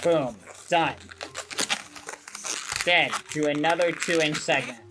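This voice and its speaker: A man's voice: on the high side, takes it slowly, very noisy. A man livestreaming and chatting casually, fretting nervously and cursing mildly with "fudge". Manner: fretful, nervous, swears softly with "fudge". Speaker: streamer. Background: background music.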